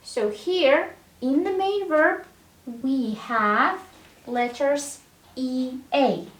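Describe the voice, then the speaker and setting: A woman teaching English verbs, saying each form slowly and clearly and often checking in with the learner. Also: high-pitched, reverberant. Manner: drills verb forms one word at a time, checks in with "all right?". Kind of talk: slow, deliberate language lesson.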